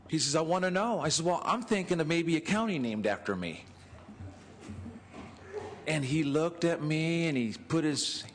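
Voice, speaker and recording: A man's voice: a little high, a bit bright, slight background noise. A man, a state senator, giving an anecdotal tribute speech on the floor and acting out the dialogue of his stories with chuckles. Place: legislative chamber. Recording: chamber with long reverb, faint ambience.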